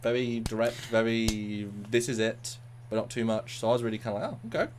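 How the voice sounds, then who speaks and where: A man co-hosting a casual review chat, talking in animated bursts and repeating words. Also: on the low side, brisk, clean tone. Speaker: co-host of a review show.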